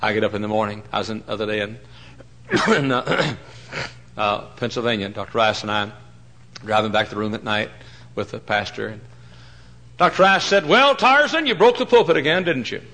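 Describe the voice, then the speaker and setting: A middle-aged man preaching a sermon, telling folksy stories and swinging between loud mock-pompous lines and hushed asides. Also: on the low side, normal speed, long pauses, low-quality recording.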